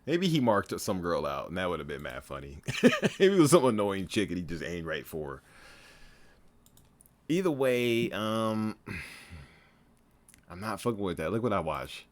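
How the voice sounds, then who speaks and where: A low-voiced man gives loose reaction commentary on a stream. His pitch swings widely as he riffs, swears freely and breaks into laughter. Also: very animated, unhurried, pauses often.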